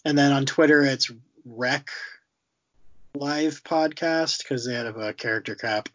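A man's voice: mid-range voice, a little slow, fairly bright tone. A man hosting a podcast in easygoing casual chat, laughing along and wrapping up, on muffled lo-fi audio. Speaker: podcast host.

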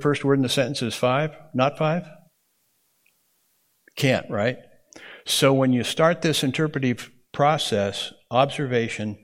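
A man teaching a Bible interpretation class to students in a classroom. He talks conversationally and keeps checking in with "okay?". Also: medium pitch.

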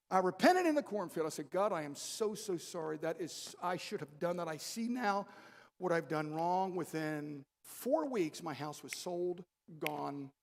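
An older man preaching a sermon, telling a personal story with quiet asides and loud emphatic peaks. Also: fairly high pitch, a little slow, creaky. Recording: long reverb of a large hall.

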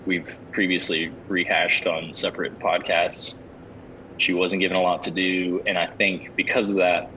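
Deep-voiced man on a dull lo-fi line. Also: level tone, moderate pace, pushed and bright. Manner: rambling, many restarts and fillers. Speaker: podcast co-host. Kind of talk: casual chat. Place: at home away, no studio setup. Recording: dull lo-fi sound with faint rumble.

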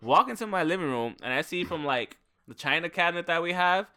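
A young man co-hosting a casual chat, telling a story in an animated, profane way. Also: on the high side, a little fast, clear, resonant tone. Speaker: podcast co-host.

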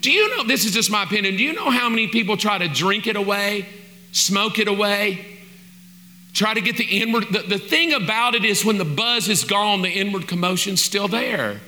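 A man's voice: high voice, lively intonation, normal speed, bright, forceful tone. A man preaching a sermon in a conversational, joking way, with asides of mock exasperation. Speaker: pastor.

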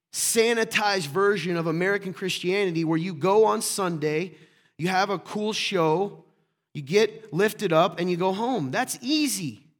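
A man preaching a sermon in a notably high voice. He talks to his congregation like a friend, asking rhetorical questions and dropping little jokes between points. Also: fairly bright tone. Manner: conversational, rhetorical questions, joking asides to the congregation. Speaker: pastor. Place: church room with congregation.

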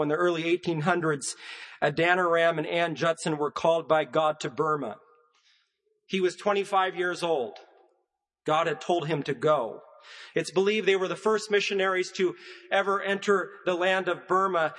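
A man delivers a sermon in a high-pitched voice. He speaks in a measured preaching cadence and hammers home his points with repetition. His words echo with the long reverb of a church sanctuary. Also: fairly bright tone.

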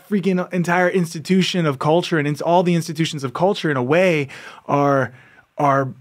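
Guy hosting a podcast, fired up and preachy, lots of rhetorical questions, voice on the higher side. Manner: exhorting, rhetorical questions, laughs often. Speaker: podcast host. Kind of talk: impassioned monologue.

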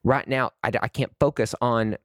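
Speaking a little fast in a fairly bright, medium-pitched voice with fairly even intonation, this man hosts a podcast. His casual monologue turns heated and rambling, full of restarts, and the recording is dry and of studio quality.

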